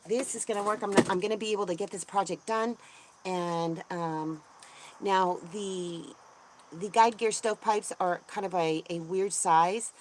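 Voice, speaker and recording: A woman hosting a casual livestream, chatting in a rambling way with lots of ums and restarts and greeting viewers brightly. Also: medium pitch, slight background noise. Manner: bubbly, voice jumps up when greeting viewers. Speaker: homesteading channel host. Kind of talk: casual livestream chat, reading viewer comments.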